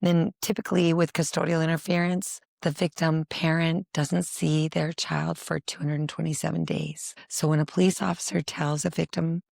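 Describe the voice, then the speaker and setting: A woman's voice: sits low, level tone, moderate pace, gravelly, few pauses, darkish tone, no echo, clean studio sound. A woman family therapist speaking in a documentary interview, earnest and emphatic, stacking her points in repeated lists.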